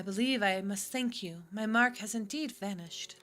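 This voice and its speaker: Bright-voiced woman streamer reading a game. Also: medium pitch, slow pace, pauses often, faint music behind. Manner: chatty, switches between reading and asides. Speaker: VTuber streamer reading a visual novel aloud.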